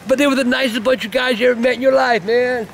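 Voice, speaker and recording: A cantankerous older man with a high-pitched voice rambles through a story in casual on-camera chat. He curses constantly, loses his thread and barks at anyone who cuts in. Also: steady tone, quick pace, slight background noise. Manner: profane, rambling and cantankerous, snapping at his son. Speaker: grandfather telling family stories.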